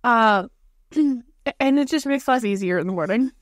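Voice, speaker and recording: Higher-voiced woman, dry sound. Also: normal speed, no echo. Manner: relaxed, with fillers and throat-clearing. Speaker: podcast co-host. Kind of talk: casual chat.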